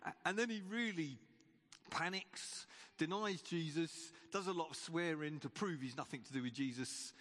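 Preacher in an echoey church. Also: male voice, on the high side, moderate pace, a bit bright. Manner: conversational, with frequent restarts and repeated words. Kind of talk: sermon with retold Bible story. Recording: long church reverb.

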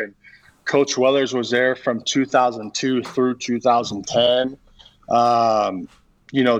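A middle-aged man, a baseball coach being interviewed, telling a long personal story in a halting way with many fillers and restarts. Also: medium pitch, muffled recording.

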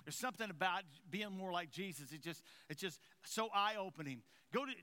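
Pastor guy preaching, high voice, goes quiet then loud, trips over his words a lot. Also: lively intonation, moderate pace. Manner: stumbles and repeats words. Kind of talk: sermon.

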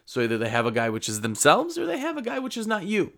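A man's voice: sits high, wildly swooping pitch, fast talker, gravelly, fairly bright tone. A man who runs a window cleaning business, giving casual sales advice to camera and acting out exchanges with customers. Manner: conversational, acts out customer exchanges.

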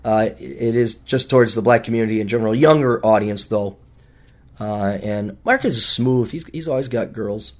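A middle-aged man hosting a solo podcast, talking in a sarcastic, rambling way with big jumps in pitch for emphasis. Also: moderate pace. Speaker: podcast host.

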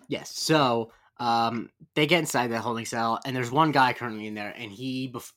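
A man's voice: mid-range voice, a bit bright. A man co-hosting a podcast, recapping a TV episode in casual, rambling chat full of fillers and self-corrections. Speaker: podcast co-host.

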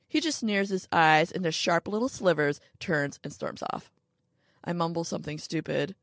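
A woman narrating a first-person story, wry and tense, dropping to hushed tones and rising for quoted lines. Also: lowish voice, a little slow, dry recording, clean studio sound. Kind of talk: first-person story reading with acted dialogue.

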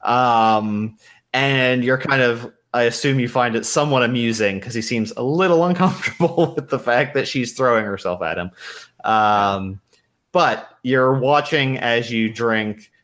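A man narrating as game master of a tabletop game, relaxed with lots of fillers and laughs. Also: mid-range voice, a little slow.

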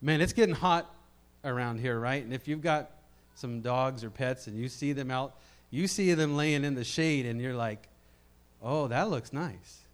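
A man preaching a sermon to a congregation, swinging between quiet reflective passages and loud emphatic ones, often repeating words as he builds up. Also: medium pitch, normal speed, clear, resonant tone. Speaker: pastor.

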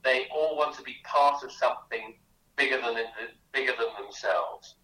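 A man's voice: medium pitch, normal speed, bright, forceful tone, reverberant, far from the mic, low-quality recording. A man, a guest author on a radio interview, telling chatty anecdotes with many restarts. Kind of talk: animated storytelling in a radio interview.

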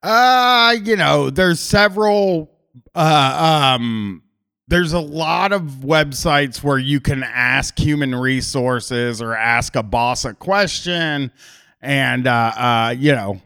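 Male podcast host, casual chat, rambling storyteller, swears freely, mid-pitched voice. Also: takes it slowly, sharp tone, clean tone. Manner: rambling, frequent restarts and swearing.

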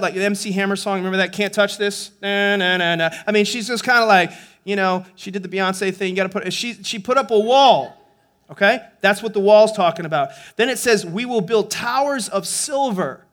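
A man with a high-pitched voice preaching a sermon as a pastor. He talks to the congregation conversationally, often restarting and repeating words, and works up to emphatic points. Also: fairly bright tone.

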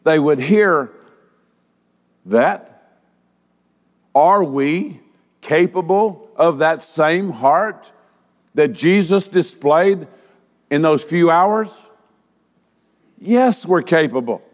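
Pastor guy preaching, slightly high voice, lots of questions and pauses, big hall reverb. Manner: rhetorical questions, dramatic pauses. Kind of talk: sermon.

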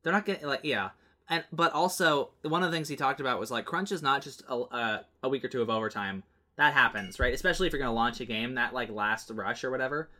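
A man co-hosting a podcast, chatting in an animated way, full of "like" and quick restarts. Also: medium pitch. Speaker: podcast co-host. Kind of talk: casual chat.

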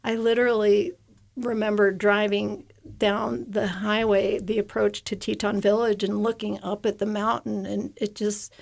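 Speaking at a measured pace in a medium-pitched voice with vocal fry and little pitch movement, this American woman is an interview guest in a studio. She survived an avalanche and tells her emotional personal story at length, rambling with restarts and repeated words.

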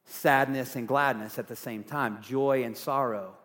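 A man preaching a sermon as pastor, earnest, going from loud emphasis to hushed softness. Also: mid-range voice, steady tone, a little slow, big-room sound. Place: church sanctuary.

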